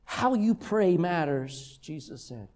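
A man's voice: a little high, takes it slowly. An older man preaching a sermon as a pastor, telling stories with humor. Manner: humorous, lively storytelling.

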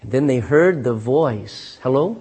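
Man, pastor, high-pitched, husky, sermon, dramatic loud-to-hushed delivery. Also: sing-song, unhurried. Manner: asks the congregation for "Amen?" responses; reads scripture in King James wording.

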